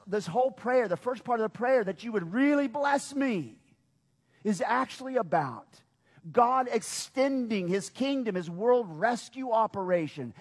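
A man's voice: extremely high pitch, big-room sound. A man preaching a sermon, who calls out questions to his congregation and draws them in. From United States. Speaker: pastor.

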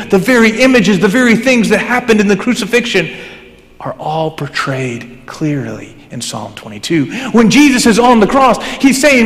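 A male pastor preaching a sermon, swinging between fervent raised emphasis and hushed, low passages. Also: lively intonation, normal speed. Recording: long hall reverb.

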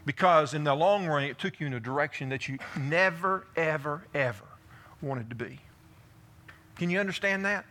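A man preaching a sermon, telling stories in an animated way and acting out the dialogue in his stories. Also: a little high, moderate pace. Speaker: pastor. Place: church sanctuary.

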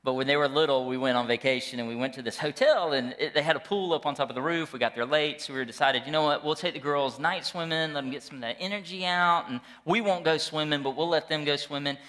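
A middle-aged male pastor delivers a sermon in a bright, forceful voice that sits a little high for a man. He tells stories animatedly and jokes with his congregation. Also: quick pace, hardly any pauses. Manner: animated, jokey storytelling with the congregation.

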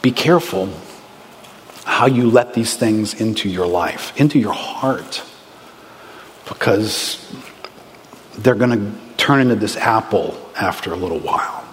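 A man preaching a sermon in a lively, conversational way, with bursts of excitement. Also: lowish voice, unhurried, long pauses, a little hiss or hum. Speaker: pastor. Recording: reverberant hall with faint ambience.

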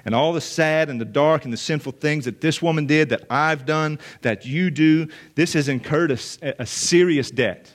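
A man's voice: fairly high pitch, normal speed, hardly any pauses. Earnest male pastor preaching a sermon. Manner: earnest, emphatic, repeats phrases for weight. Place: church or meeting room with listeners.

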